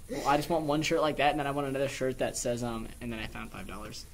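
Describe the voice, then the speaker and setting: A man's voice: medium pitch, flat delivery, brisk, a little hiss or hum. A teenage boy co-hosting a podcast at school, chatting casually, rambling and giggling at himself. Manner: rambling, giggly, self-mocking. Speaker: podcast co-host. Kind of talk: casual chat.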